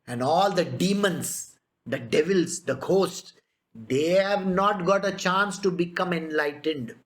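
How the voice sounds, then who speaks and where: Man, high voice, spiritual teacher, sermon, emphatic, rhetorical questions. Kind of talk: spiritual discourse.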